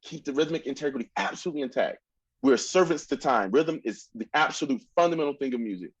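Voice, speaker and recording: A man's voice: medium pitch, animated, fast, slightly rough, muffled recording, soft background music. A man coaching a student in a masterclass, singing phrases to demonstrate, exacting and encouraging. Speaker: oboe teacher.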